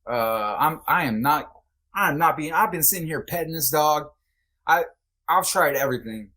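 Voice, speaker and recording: A man's voice: a little high, normal speed, pushed and bright. Candid man telling his own story. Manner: candid and blunt, with frequent swearing; loose and conversational, with many fillers. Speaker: podcast guest. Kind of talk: personal storytelling in a podcast interview.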